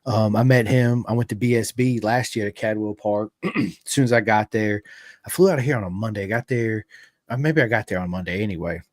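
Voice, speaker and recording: A man with a Southern American country accent hosting a podcast, telling stories in an animated, casual way. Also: lowish voice, brisk, dry recording. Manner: animated storyteller, says dude and bro a lot. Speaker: podcast host. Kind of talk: casual chat.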